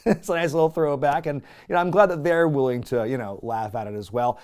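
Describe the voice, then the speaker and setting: Lively sarcastic man recapping wrestling. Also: mid-range voice, fairly quick, clear, resonant tone. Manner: sarcastic, swears freely; laughs often, gets excited. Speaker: host. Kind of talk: comedic recap commentary.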